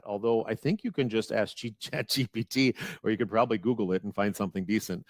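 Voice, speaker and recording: A man's voice: lowish voice, fairly quick, no echo. A man with a Wisconsin accent, presenting at a webinar and rambling through a casual explanation with many restarts over a video call. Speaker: guest presenter.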